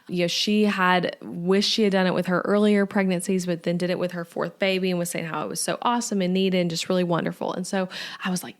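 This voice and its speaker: A woman's voice: lowish voice, steady tone, fairly quick. Chatty young woman podcasting. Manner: chatty, lots of "like" and "um". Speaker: podcast host. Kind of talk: casual solo podcast talk.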